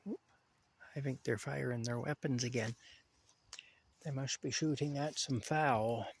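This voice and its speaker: A man's voice: mid-range voice, unhurried, vocal fry, a little hiss or hum. Chatty man talking to his cat. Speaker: vlogger. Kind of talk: casual rambling monologue. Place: outdoors in a rural yard at night.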